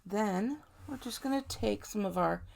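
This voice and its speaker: A woman hosts a card-making tutorial, chatting warmly and directly with viewers as she demonstrates each step in a casual crafting demo. Her medium-pitched voice is gravelly and a little slow, with a slight hiss or hum in the background.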